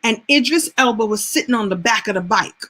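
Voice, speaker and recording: Husky, animated woman telling a story. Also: fairly high pitch, brisk. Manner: animated, chatty, laughs as she tells. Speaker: host. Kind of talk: casual storytelling monologue.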